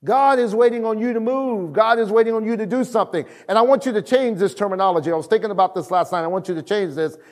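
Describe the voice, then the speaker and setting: A man with a high voice preaches a sermon, urging his listeners to call back and shout along with him. His voice rings out with a long reverb, as in a large hall. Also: fast, few pauses. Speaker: pastor.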